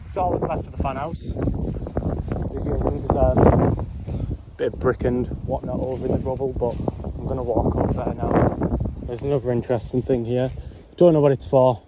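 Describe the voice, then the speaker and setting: A man's voice: medium pitch, fairly even intonation, moderate pace, lo-fi sound. Chatty young man rambling outdoors. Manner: rambling, chatty, frequent ums and whatnots. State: out of breath. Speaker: vlogger exploring old mine ruins. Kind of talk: casual walking commentary. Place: outdoors on a windy hillside. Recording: noisy outdoor camera audio.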